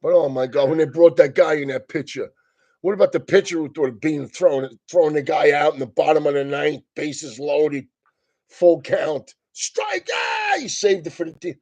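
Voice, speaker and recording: This man delivers a comedian-style casual rant at normal speed, his high voice husky, cursing nonstop and laughing as he talks. It all comes out loose, profane and animated.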